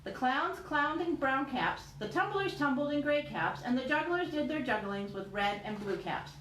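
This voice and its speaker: A woman, a teacher, reading a picture book aloud with animated storytelling. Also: sits high, moderate pace. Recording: roomy echo with faint noise.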